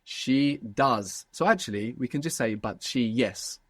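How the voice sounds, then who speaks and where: A man's voice: mid-range voice, a little slow, fairly bright tone, dry recording, studio quality. A man teaching a language lesson, patiently prompting his student with questions.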